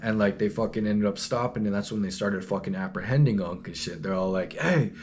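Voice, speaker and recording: A man's voice: lowish voice, fairly even intonation, fairly quick, a little mellow, slight background noise. Slangy, profane young man telling a story. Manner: slangy, profane, rambling, laid-back. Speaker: vlogger. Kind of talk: casual storytelling.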